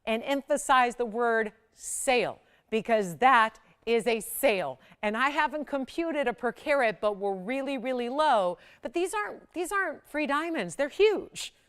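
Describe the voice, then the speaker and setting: A woman hosting a live shopping channel, pitching jewelry in a chatty, persuasive way that builds to excited peaks. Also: unhurried, few pauses, clear, resonant tone.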